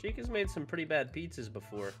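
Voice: medium pitch, sing-song, brisk, soft background music. A performer voicing a cheeky fox animatronic who teases and jokes bluntly. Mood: teasing. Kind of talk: Minecraft roleplay acting.

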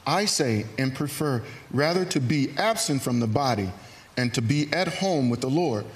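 A man preaching a sermon in a church, earnest and animated, acting out hesitant asides. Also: mid-range voice, moderate pace. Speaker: pastor. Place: church sanctuary.

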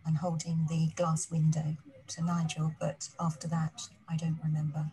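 A woman, a patient answering hesitantly with soft pauses. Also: low-pitched, monotone, slight background noise. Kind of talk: interview answers.

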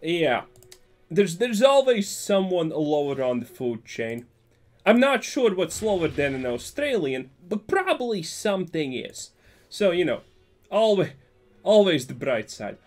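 A man's voice: high voice, sing-song, unhurried. A young man giving joking, sarcastic gameplay commentary for his channel. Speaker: gaming YouTuber.

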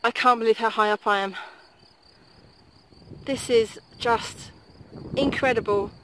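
An excitable woman vlogs her hike, chatting into a phone camera out on a mountain trail. Her voice sits a bit high, and she swears freely as she talks. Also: measured pace, slight background noise, poor audio. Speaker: vlogger. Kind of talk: casual hiking vlog. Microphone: handheld phone camera.

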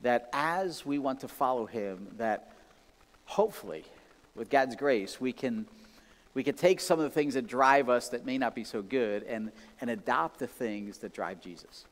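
A man preaching a sermon in a conversational, animated way, acting out excited exclamations. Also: mid-range voice, unhurried, in a large hall. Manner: animated, conversational, many restarts and acted-out exclamations. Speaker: pastor. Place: church sanctuary.

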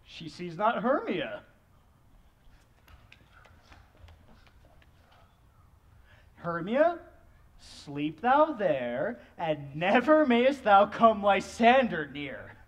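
A man's voice: high voice, big pitch swings, takes it slowly, fairly bright tone, full character voice. A man playing an ardent, lovestruck young man in a live stage Shakespeare performance, declaiming verse earnestly. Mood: dismissive.

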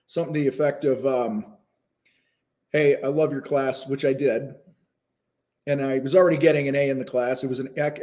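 A slightly high, darkish male voice hosts a live business show about selling, captured on a phone. His talk is casual and unpolished, full of fillers and restarts, and at moments he's chewing food while speaking.

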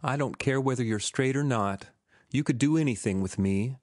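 A man voicing a devoted, defiant young working-class woman who pleads softly and earnestly in an audiobook. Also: mid-range voice, animated, a little slow, no room sound, studio quality, natural voice.

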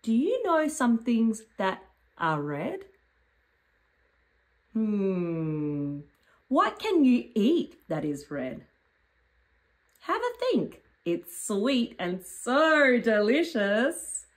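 A woman doing a calm, patient colour teacher. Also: on the high side, drawn-out words, long pauses, heavily acted. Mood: teaching. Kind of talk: children's educational role-play.

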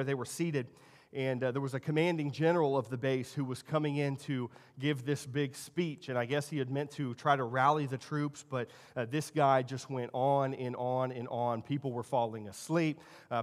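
A man in his thirties preaching a sermon as pastor, telling stories and shifting between quiet asides and loud emphasis. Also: fairly high pitch. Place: church sanctuary. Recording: long church hall reverb.

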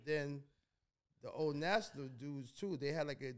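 A man's voice: fairly high pitch, moderate pace. Laid-back rambling man from New York. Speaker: guest. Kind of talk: casual storytelling interview.

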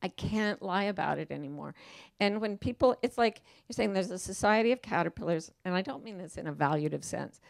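Woman guest, gravelly, dry close sound, emphatic, playful. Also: medium pitch, lively intonation, fairly quick, dry recording. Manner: emphatic and playful, quotes herself in voices. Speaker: guest author. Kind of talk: casual onstage interview talk.

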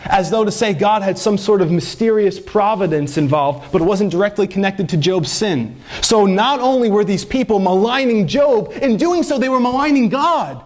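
A man's voice: animated, moderate pace, few pauses, a little mellow. Earnest man preaching a sermon. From United States. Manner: earnest preaching, rising in pitch when pressing a point. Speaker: pastor.

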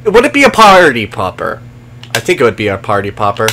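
A man's voice: medium pitch, wildly swooping pitch, fairly quick, sharp tone. A man streaming a video game, swearing and sarcastically taunting enemies while chatting with viewers. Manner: profane, sarcastic, talks to game enemies and chat. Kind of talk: live gameplay commentary.

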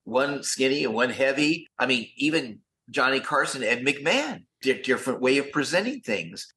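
An older man, a guest on an interview show, telling stories with lively enthusiasm. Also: mid-range voice. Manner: enthusiastic, quick-talking raconteur. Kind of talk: animated storytelling in an interview.

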